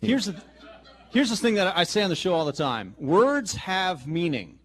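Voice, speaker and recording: A man's voice: high-pitched, very animated, brisk, fairly bright tone, a little hiss or hum. A man co-hosting political talk radio, speaking in an argumentative, pointed way. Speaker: radio co-host. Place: radio studio.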